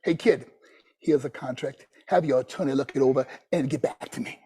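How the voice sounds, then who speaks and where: A man imitating an older male wrestling boss who talks in a brusque, gruff way. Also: medium pitch, a little fast, heavy background noise, pitched below the performer's own voice, lightly acted.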